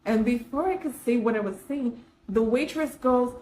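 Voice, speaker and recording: A woman self-care coach chatting straight to her viewers, telling a story with animated asides and frequent laughs. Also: fairly high pitch, moderate pace, a little hiss or hum, low-quality recording. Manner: animated, laughs often while telling stories. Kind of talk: casual storytelling vlog.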